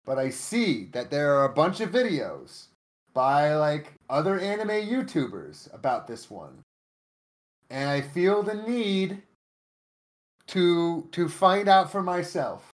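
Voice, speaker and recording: A man's voice: on the high side, very animated, slow pace. A man co-hosting a casual podcast, joking and sarcastic as he reads an anime summary. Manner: joking, sarcastic, laughs at own jokes. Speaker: podcast co-host. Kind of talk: casual chat.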